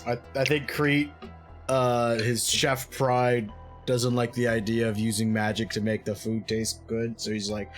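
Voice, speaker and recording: A man's voice: medium pitch, flat delivery, unhurried, soft background music. Chatty man playing a tabletop game. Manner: chatty, explains his character's actions. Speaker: player. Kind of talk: casual tabletop play.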